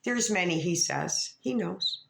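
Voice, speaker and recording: A confrontational woman vlogger rants at the camera, swearing freely and tripping over her own restarts. Her voice sits a little low for a woman, and it drops into mutters before it jumps up sharply. The room around her is bare and echoey. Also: lively intonation, a little slow, creaky, background noise. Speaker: vlogger calling out other creators. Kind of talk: rambling profane rant to camera.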